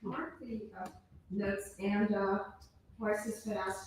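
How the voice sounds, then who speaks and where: A woman's voice: mid-range voice, little pitch movement, slow pace, a little mellow, a little hiss or hum. A choir singer, a woman, asking hesitant questions during rehearsal. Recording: distant voice in an echoey room.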